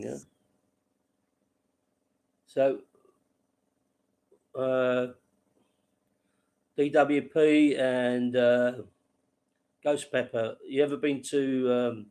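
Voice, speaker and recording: A man's voice: mid-range voice, vocal fry, a little mellow. A man hosting a casual late-night livestream, rambling to viewers by name and laughing at his own stories. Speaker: livestream host.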